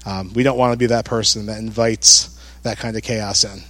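A pastor preaching a sermon in church, talking conversationally, repeating key phrases and putting questions to the congregation. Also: male voice, lowish voice, steady tone, moderate pace, a bit bright, dry recording.

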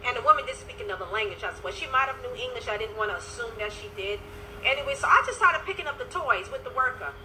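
A woman life coach chatting to viewers on a phone livestream, telling a story with lively energy and dropping in praise to God. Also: a little high, fast, noisy background. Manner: animated storytelling with religious interjections. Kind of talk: casual livestream talk to viewers.

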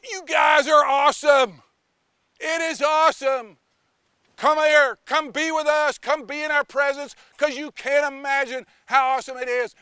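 A man voicing Love and Mercy as excited, gushing male divine figures in a sermon story. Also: unhurried, dry recording, studio quality, full character voice. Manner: gushing, pleading, high-pitched.

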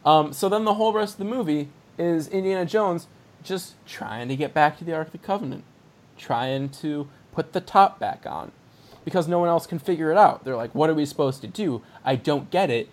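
A man hosting a comedy podcast, his voice a little high and swinging widely in pitch. He laughs often and acts out silly scenes as he riffs. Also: normal speed. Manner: giggly, animated, acts out scenes. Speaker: podcast co-host. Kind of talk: comedic casual podcast banter.

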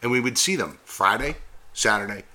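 A man's voice: mid-range voice, expressive, moderate pace, sharp tone. A man co-hosting a podcast, telling loose, profane stories about his bouncer days in casual chat. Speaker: podcast co-host, former bouncer.

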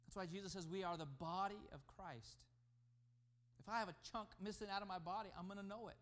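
High-voiced male pastor preaching. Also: a little fast. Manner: emphatic preaching, rising and falling in loudness. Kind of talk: sermon.

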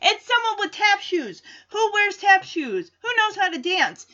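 Woman vlogger, high bright voice, unhurried chatty recap, a bit lo-fi. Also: sing-song. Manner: chatty, amused, acts out quotes. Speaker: vlogger recapping a sitcom episode. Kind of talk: casual reaction chat.

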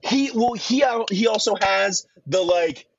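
A man co-hosting a podcast, reviewing films in casual, profane, excitable chat. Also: high-pitched, a little slow, gravelly, slightly rough, lo-fi sound. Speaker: podcast co-host.

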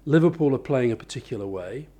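In this conversational interview about his book, a male author talks quickly in a mid-range voice that is mellow, husky and expressive. He explains his ideas thoughtfully, using examples and often restarting his sentences.

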